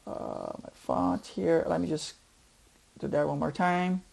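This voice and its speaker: A software tutorial instructor narrating step by step while working, thinking aloud and repeating words for emphasis. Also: mid-range voice, wildly swooping pitch, takes it slowly, creaky.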